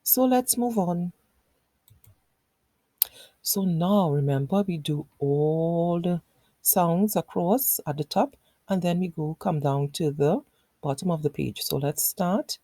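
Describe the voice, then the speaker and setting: A woman teacher in her thirties walks young children through a phonics lesson, patient and encouraging. She speaks slowly in a lowish, mellow voice. The sound is dry and close. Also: no echo.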